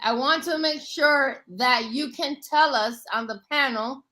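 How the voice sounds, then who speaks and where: A woman's voice: high voice, a little slow, sharp tone, poor audio. A woman in her forties hosting a live panel, talking bluntly and confrontationally, with boastful self-assurance. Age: 40s. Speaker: panel host. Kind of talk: heated live panel talk.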